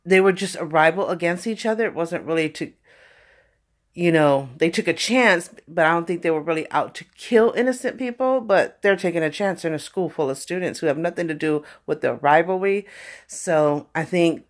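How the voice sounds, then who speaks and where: A woman's voice: on the low side, moderate pace. A woman telling personal stories in a casual, conversational way, often saying "you know". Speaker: vlogger.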